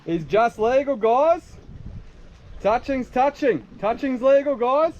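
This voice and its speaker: An Australian man hosting a fishing vlog from a small boat, chatting casually in an excitable, drawling, folksy way. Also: very high voice, slow, dull audio. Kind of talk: casual outdoor vlog commentary. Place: small boat on open water.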